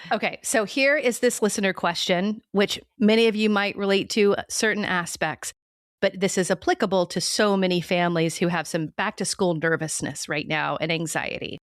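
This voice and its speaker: A woman's voice: medium pitch, fairly even intonation, moderate pace, no echo, clean studio sound. A middle-aged woman from Tulsa co-hosting a podcast, chatty and playful with a teasing streak. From Tulsa, Oklahoma, US. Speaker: podcast co-host. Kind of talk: casual podcast chat.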